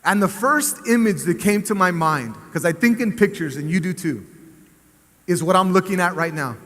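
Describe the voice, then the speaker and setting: Superintendent, high bright voice, lively storyteller, big echoing hall. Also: male voice, normal speed. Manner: animated storyteller, rising to cheering shouts. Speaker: school district superintendent. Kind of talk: motivational speech to staff assembly. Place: large assembly hall. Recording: echoey hall with long reverb.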